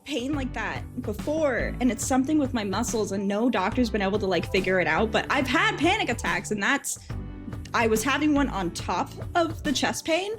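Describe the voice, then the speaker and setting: A young woman casually telling a story as a streamer, animated and profane, often laughing as she talks. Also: on the high side, moderate pace, music in the background.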